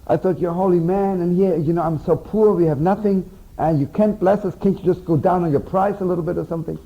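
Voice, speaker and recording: A woman's voice: fairly low pitch, steady tone, fast talker, dull audio, voice pushed up, natural voice. A man putting on a wailing peasant wife. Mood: pleading. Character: poor peasant wife, pleading and indignant.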